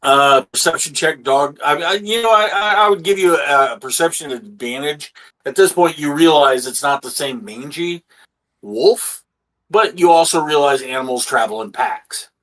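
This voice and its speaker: A man's voice: fairly high pitch, fairly bright tone, poor audio. Casual swearing man running a tabletop game. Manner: casual, swearing, halting with fillers. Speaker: game master.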